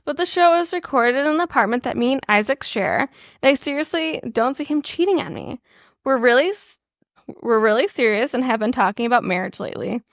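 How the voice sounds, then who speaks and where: A woman with a fairly high voice reads an online post aloud for her podcast, keeping it chatty and amused. The sound is close and dry, with no room around it. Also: fairly bright tone, no room sound. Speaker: podcast co-host. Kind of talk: casual chat and reading stories aloud.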